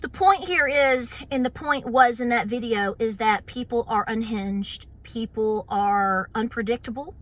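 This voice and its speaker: A woman's voice: fairly high pitch, a little slow, hardly any pauses. A woman with an Appalachian accent, hosting her homestead channel and chatting casually to camera, full of fillers and playful mock voices.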